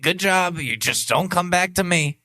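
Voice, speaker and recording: A man's voice: high-pitched, moderate pace, bright, forceful tone, no room sound, pitched above the performer's own voice. A man doing a mocking impression of a brash, dismissive male politician in clipped sentences.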